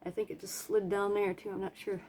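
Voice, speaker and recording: A woman's voice: medium pitch, flat delivery, brisk, darkish tone. A woman casually narrating her acrylic paint pouring at home, chatty and self-deprecating, with playful sound effects and humming. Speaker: craft vlogger.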